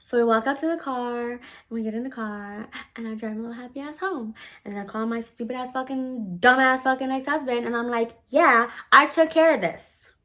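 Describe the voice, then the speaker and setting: A woman's voice: a little high, steady tone, brisk, few pauses, a bit bright. A woman vlogger telling a personal story in a brash, sassy way, full of swearing. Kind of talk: casual storytime.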